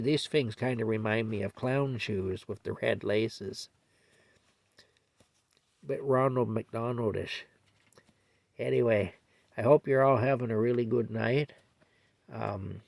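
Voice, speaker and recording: An older man chatting casually in a bedtime vlog from his camper, rambling and repeating himself and talking softly to his cat. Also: mid-range voice, creaky, no room sound. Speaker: vlogger. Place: small camper in a field, at night.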